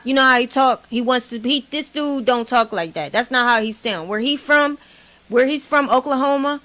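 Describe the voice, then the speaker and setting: A woman's voice: high voice, normal speed. Blunt woman dishing gossip commentary. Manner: blunt, animated, mocking. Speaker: commentary vlogger.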